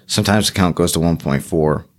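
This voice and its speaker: A man's voice: sits low, a little fast. A man hosting his own podcast alone, talking casually and rambling with lots of fillers and self-deprecating asides. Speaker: podcast host. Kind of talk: solo podcast monologue.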